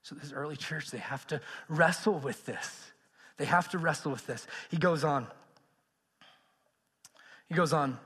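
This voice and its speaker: A man preaching a sermon, animated and swinging between loud emphasis and hushed, near-whispered passages. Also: fairly high pitch, a little slow, long pauses, breathy edge. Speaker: pastor. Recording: long reverb of a large hall.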